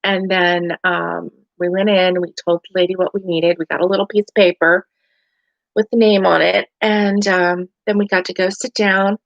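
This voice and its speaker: A woman's voice: lowish voice, level tone, normal speed, creaky, dry recording. A tired middle-aged woman with a light Southern US accent chats casually on a home livestream, rambling through her story with lots of fillers and restarts. The sound is dry and a little dull, like a lo-fi webcam mic. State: tired and yawning. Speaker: crochet livestream host. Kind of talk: casual live chat.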